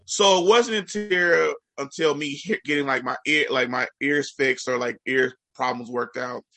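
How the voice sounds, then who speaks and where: Rambling, bright-voiced man telling stories. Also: medium pitch, moderate pace, no echo. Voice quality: slightly nasal, congested. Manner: rambling, filler-heavy storytelling with lots of "like". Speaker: educator. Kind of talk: casual podcast chat.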